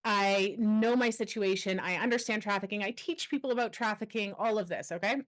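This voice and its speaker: A woman's voice: medium pitch, fairly quick. Candid woman telling her story. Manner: candid, animated storyteller, quotes others. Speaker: guest, anti-trafficking expert. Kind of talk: podcast interview, personal storytelling.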